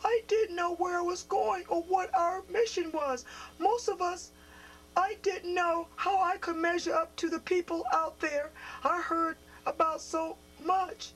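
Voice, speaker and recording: A woman reading the lines of a gentle, firm old Navajo grandfather in a children's story. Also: very high voice, fairly even intonation, measured pace, poor audio. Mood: reminiscing. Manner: soft, quiet, sometimes stern. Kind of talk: storybook read-aloud, character voice.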